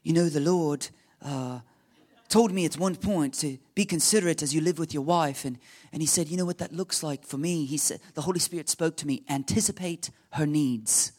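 Guy doing a clumsy british accent, earnest friend, high voice, slowish. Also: darkish tone, natural voice. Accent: put-on British, done badly. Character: Christian male friend from England.

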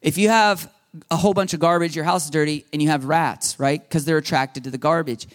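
A man preaching a sermon as pastor, lively and animated, acting out the voices he quotes. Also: fairly high pitch, brisk.

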